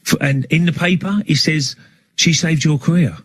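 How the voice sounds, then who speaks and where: A man's voice: fairly high pitch, moderate pace, fairly bright tone, husky, dry recording. Chatty man telling football stories. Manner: chatty storyteller, laughs between stories. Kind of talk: casual anecdote telling.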